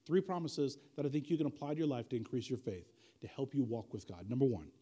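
A man's voice: medium pitch, expressive, fast talker, dark tone. A man preaching a sermon as pastor, dynamic and conversational, repeating key lines for emphasis with folksy asides.

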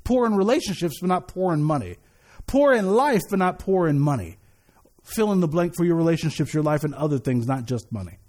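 His voice a little high and his delivery fairly quick, a man preaches as pastor in an animated, chatty way. Restarts are common, with words repeated as he picks his thread back up.

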